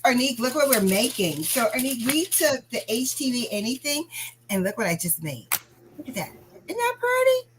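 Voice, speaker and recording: A woman hosts a casual crafting livestream, talking freely as she works and greeting viewers by name. Her voice swings widely in pitch and stays animated. Faint noise sits behind her. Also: low-quality recording.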